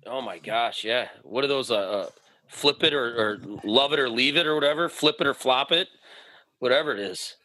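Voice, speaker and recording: A man's voice: mid-range voice, normal speed, pushed and bright, no room sound, poor audio. A man hosting a podcast in easygoing casual chat. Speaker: podcast host.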